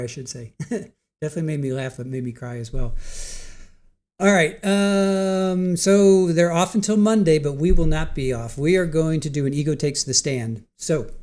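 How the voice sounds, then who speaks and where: A man's voice: on the high side, darkish tone. A middle-aged man hosting a livestream, chatting casually with viewers, tired after a long day, giggly, punch-drunk and repeating himself. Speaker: livestream host. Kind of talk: casual chat with live chat viewers.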